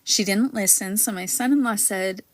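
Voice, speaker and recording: A woman past middle age who has a granddaughter, hosting a spiritual panel in casual, rambling talk full of ums and likes, sometimes dropping to a soft near-whisper. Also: medium pitch, moderate pace, no echo. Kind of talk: casual live-stream talk.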